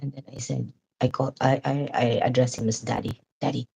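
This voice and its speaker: A woman's voice: rumbling low, steady tone, fairly quick, vocal fry, dark tone, slightly rough, poor audio. A woman vlogger chatting casually, laughing as she talks and often restarting her sentences. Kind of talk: casual chat.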